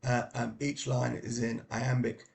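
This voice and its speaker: Middle-aged guy reviewing a book, kinda gravelly, lots of uhs and restarts, faint hiss behind. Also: mid-range voice, flat delivery, measured pace. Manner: hesitant, many fillers and restarts. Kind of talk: casual spoken book review.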